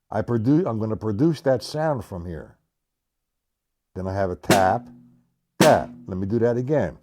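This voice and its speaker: Over a noisy background of drum hits, a drum teacher with a lowish voice leads a live-streamed lesson. He's blunt and emphatic, repeating himself as he shows each stroke.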